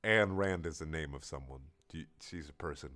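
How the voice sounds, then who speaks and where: A man's voice: extremely low pitch, fairly quick, a bit bright. A young man doing a sarcastic comedic reading of a fan story, exasperated and swearing a lot.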